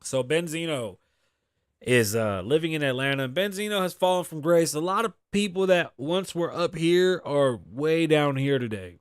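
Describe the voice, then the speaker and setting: A man's voice: fairly high pitch, normal speed, smooth, dry recording, studio quality. A man from Boston hosting a casual solo commentary show, reading news aloud and riffing on it bluntly with lots of profanity. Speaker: show host.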